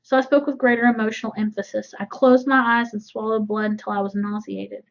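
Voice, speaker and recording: A woman's voice: fairly high pitch, little pitch movement, fairly quick, vocal fry, lo-fi sound. A woman teacher reading a novel aloud to a class, breaking off for casual explanations. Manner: casual asides between readings.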